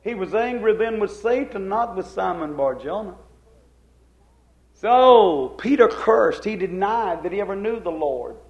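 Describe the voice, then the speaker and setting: A man preaching a fervent sermon, moving between soft passages and emphatic outbursts. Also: high voice, expressive, unhurried. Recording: echoey dull old recording.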